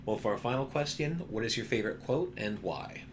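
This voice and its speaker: A man's voice: medium pitch, animated, a little fast, background noise. A man hosting an interview podcast, asking brief scripted questions and giving wrap-ups. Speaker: podcast host.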